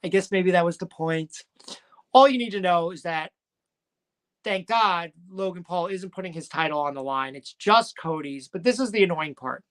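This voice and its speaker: A man's voice: high-pitched, moderate pace, fairly bright tone. Rambling joking man recapping wrestling. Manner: rambling, joking, self-correcting. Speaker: podcast co-host. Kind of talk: casual wrestling recap talk.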